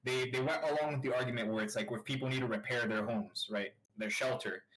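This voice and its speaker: A man in the middle pitch range talks loosely on a podcast with his friends. He rambles, swears freely and gets worked up as he goes. His tone stays casual and conversational throughout. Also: fast talker, slight background noise, low-quality recording. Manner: animated, profane, rambling. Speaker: podcast co-host.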